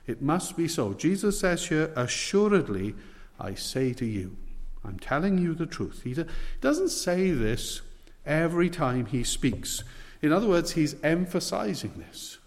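Preacher guy, earnest pleading sermon, slightly high voice, long hall echo. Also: big pitch swings. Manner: earnest, pleading, with slow emphatic stresses.

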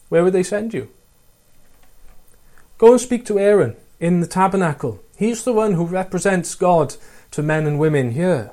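With lively intonation, a normal pace, and long pauses, a man preaches in a mellow, warm voice set slightly high for a man. Earnest throughout, he puts many rhetorical questions to the congregation and reads passages of scripture in between.

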